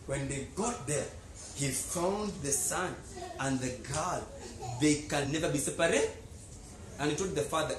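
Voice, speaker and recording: Animated preacher in echoing church. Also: male voice, measured pace. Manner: animated, swings from low murmurs to loud exclamations. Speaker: pastor. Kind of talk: sermon storytelling. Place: church sanctuary. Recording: echoey church hall.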